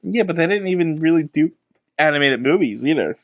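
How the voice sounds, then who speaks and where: Lively higher-voiced man teasing his co-host. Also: fairly quick, dry recording. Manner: teasing, questioning. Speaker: podcast co-host. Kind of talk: casual movie review chat.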